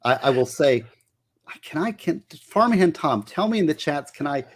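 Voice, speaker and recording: A man's voice: a little high, expressive, moderate pace. A man who works as a public defender, talking in a chatty, opinionated and joking way as a livestream guest. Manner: talkative, opinionated, jokey. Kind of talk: casual livestream chat.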